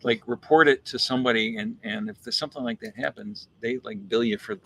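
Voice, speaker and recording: A man with a medium-pitched, creaky voice that has a breathy edge speaks a little fast while telling an animated anecdote in a coffee shop. He roasts coffee, acts out the quotes, and repeats words as he thinks it through.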